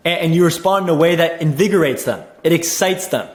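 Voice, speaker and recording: A young man coaching on sales in a casual teaching monologue, energetic, repeating himself and saying "like" and "dude" a lot. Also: on the high side, a little fast, reverberant. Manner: energetic, repeats words, says "dude" and "like" often.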